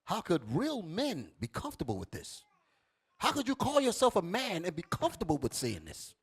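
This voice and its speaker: Male street preacher, forceful, higher-pitched, very animated pitch swings. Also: normal speed, breathy edge. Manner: fiery, commanding, calls for verses to be read; swings from low and quiet to loud and high. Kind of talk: street sermon with scripture reading.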